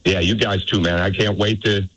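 A man's voice: fairly low pitch, steady tone, normal speed, a bit bright, poor audio. A male basketball coach joining a sports radio show as a guest, speaking emphatically and urgently. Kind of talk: phone-in radio interview.

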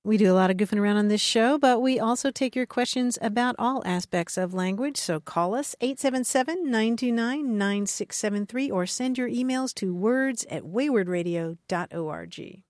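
A woman co-hosting a call-in radio show, briskly reading a promo and greeting a caller in a friendly way. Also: fairly high pitch, darkish tone, dry recording, studio quality. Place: radio studio.

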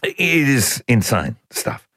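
A man's voice: fairly low pitch, a little slow, breathy edge, dry recording. An older Australian man hosting talkback radio, talking in a folksy, opinionated and exasperated way. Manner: animated, exasperated, folksy opinionated talk with laughs.

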